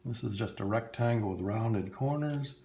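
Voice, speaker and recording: A man's voice: lowish voice, normal speed, gravelly, warm tone, a little hiss or hum. A man teaching children to draw cartoons step by step, playful and talking straight to the kids, with frequent chuckles. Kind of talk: step-by-step drawing lesson for kids.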